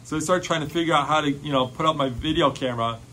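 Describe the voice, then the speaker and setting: A man telling a personal faith testimony in an excited, storytelling way, full of "like" fillers. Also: fairly high pitch, quick pace.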